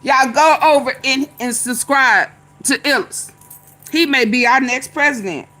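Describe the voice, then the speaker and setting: A woman's voice: high voice, unhurried, sharp tone, faint music behind. A woman vlogger giving casual, chatty political commentary, laughing often and chanting refrains.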